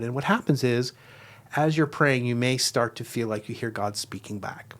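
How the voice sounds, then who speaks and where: A man speaking as a guest, explaining a devotional method in an earnest, reflective way and slowing down to stress key words. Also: mid-range voice, fairly bright tone. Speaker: guest teacher.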